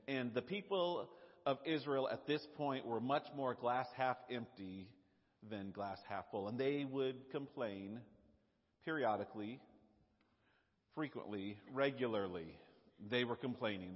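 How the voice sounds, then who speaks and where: A man preaching a sermon in an animated, conversational way, with fillers and repeated words. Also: medium pitch, moderate pace. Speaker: pastor. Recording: dull lo-fi sound, long hall reverb.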